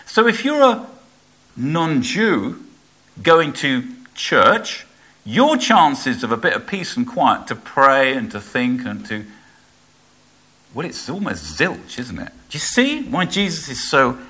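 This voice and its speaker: Lively male preacher. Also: on the high side, takes it slowly, husky. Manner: conversational, asks the audience rhetorical questions. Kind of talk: sermon.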